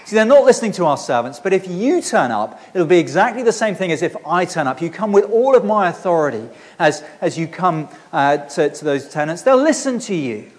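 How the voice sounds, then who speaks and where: Earnest preacher, high voice. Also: male voice, very animated, a little fast, few pauses. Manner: earnest and conversational, with frequent restarts. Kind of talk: sermon.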